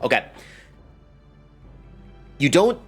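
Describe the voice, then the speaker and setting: A man narrating a tabletop game as game master, relaxed and a little hesitant. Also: a little high, very slow, breathy edge, faint music behind.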